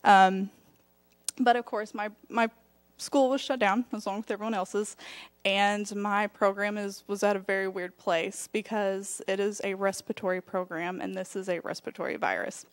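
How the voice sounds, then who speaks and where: A woman's voice: medium pitch, fairly even intonation, normal speed. A young woman giving a chatty church testimony, laughing often as she talks. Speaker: respiratory therapy student giving testimony. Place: church sanctuary.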